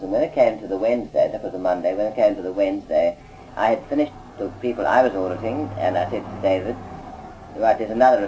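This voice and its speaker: A man with a warm, mellow voice tells long, meandering stories in an easy conversational tone. He keeps tossing in "you see" and "you know" as he goes. Soft music plays faintly behind him. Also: low voice, poor audio. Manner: conversational, rambling, frequent "you see" asides. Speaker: auditor recounting experiences. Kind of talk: anecdotal recorded talk.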